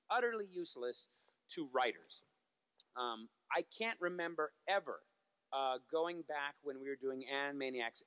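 A man's voice: on the high side, a bit bright, no echo, highs cut off. A man, a TV animation writer, talking as a guest in a casual interview, telling stories with lots of fillers and restarts.

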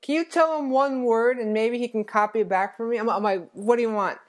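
A man hosting a casual podcast, chatty and halting with frequent fillers. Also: very high-pitched. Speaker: podcast host.

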